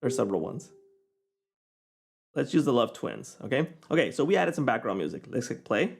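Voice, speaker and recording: A man giving a casual, chatty screen-recorded software tutorial, often checking in with the viewer. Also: mid-range voice, very animated, moderate pace, gravelly, faint music behind. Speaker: software reviewer.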